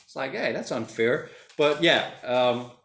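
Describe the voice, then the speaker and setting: A man's voice: mid-range voice, lively intonation, a little slow, gravelly, a bit bright, echoey room. A man hosting a casual livestream, rambling and reading viewer comments aloud. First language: Portuguese. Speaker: livestream host reading chat. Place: home room during lockdown.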